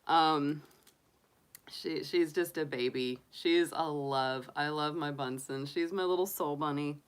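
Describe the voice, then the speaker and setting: A woman hosting a casual livestream, talking softly and fondly with lots of fillers, sniffly and congested from allergies. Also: sits low, unhurried, clear, resonant tone. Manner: soft, doting, chatty with frequent fillers. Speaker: tarot reader and livestream host.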